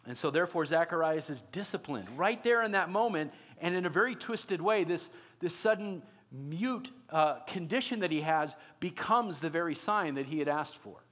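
A male pastor preaching in an animated, conversational manner. His voice sits high, and he often turns to his listeners with questions. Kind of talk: sermon.

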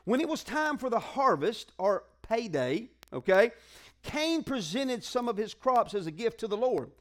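A man's voice: extremely high pitch, big pitch swings, unhurried. A male pastor preaching a sermon in a conversational, call-and-response way, full of colloquial asides to the congregation.

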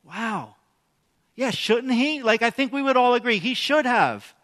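A man preaches in a high, bright voice, talking with the congregation more than at them. He asks them questions as he goes. The sound carries a long reverb from a church hall. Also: animated, measured pace. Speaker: pastor. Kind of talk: sermon.

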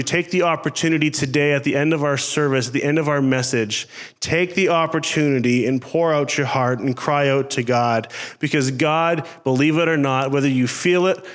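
Male pastor with a slightly high voice, preaching to his congregation in an earnest, pleading way. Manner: earnest, pleading, repetitive phrasing. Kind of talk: sermon. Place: church service before a congregation.

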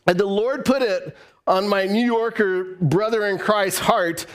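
A man's voice: sits high, measured pace. A male pastor preaching a sermon, telling stories with a voice that swings up and down. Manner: animated storytelling, voice rising and falling.

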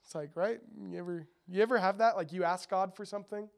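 High-voiced man preaching casually. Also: fast. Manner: chatty, jokey asides to the audience. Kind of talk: casual sermon with scripture reading.

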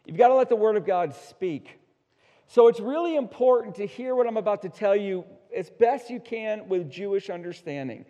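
A male pastor preaching an emphatic sermon, swinging between hushed asides and loud, slowed-down declarations. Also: high voice, animated. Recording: dull sound with long hall reverb.

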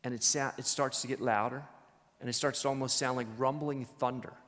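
A man teaching a church Bible study in a conversational, animated storytelling way. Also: mid-range voice, fairly quick, in a large hall.

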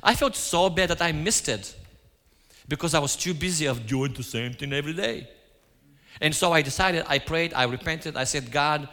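A man's voice: a little high, sharp tone. A man giving a sermon, telling stories and acting out his own quoted lines. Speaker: preacher. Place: church. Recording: hall reverb.

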